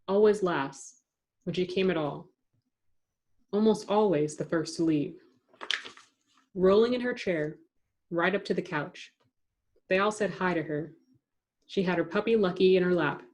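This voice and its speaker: A woman with a lowish voice reads an audiobook aloud in a measured, even tone, delivering scripted narration.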